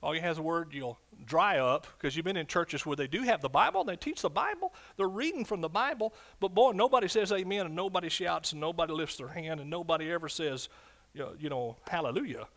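A man preaching a fervent sermon as pastor, swinging from loud shouts to quiet, low asides. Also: animated, fast talker.

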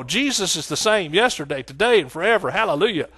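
A middle-aged man with a Texan accent preaching a sermon, exclaiming hallelujah and swinging between loud outbursts and hushed asides. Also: high voice, animated, quick pace, hardly any pauses, breathy edge.

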